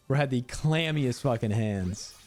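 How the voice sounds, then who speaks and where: A young man streaming, casually telling a story while gaming, animated and cursing freely with frequent laughter. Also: medium pitch, slow, soft background music.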